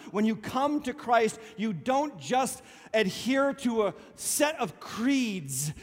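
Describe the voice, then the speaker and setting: A middle-aged male pastor preaching a sermon in an animated, joking way, with sarcastic asides. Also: high voice, in a large hall. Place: church sanctuary.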